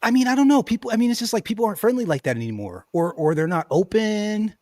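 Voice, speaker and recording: A man telling a long, animated story in a casual chat, often laughing and saying "bro.". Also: high voice, fast talker, dry recording, clean studio sound. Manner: animated, laughs often, says "bro" and "you know what I'm saying". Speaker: podcast host.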